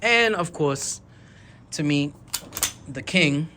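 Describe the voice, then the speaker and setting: A man reviewing handguns in a rambling, enthusiastic way, dropping almost to a whisper while he slowly pulls each trigger. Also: a little high, lively intonation, bright, forceful tone, slight background noise. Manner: drops to a near whisper during slow trigger pulls. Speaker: gun reviewer. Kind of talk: casual product demo.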